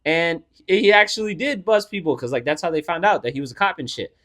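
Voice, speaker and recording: A man's voice: a little high, expressive, fast, fairly bright tone. A young adult man co-hosting a podcast, telling a story in loose, profane casual chat full of "like" fillers. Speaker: podcast co-host.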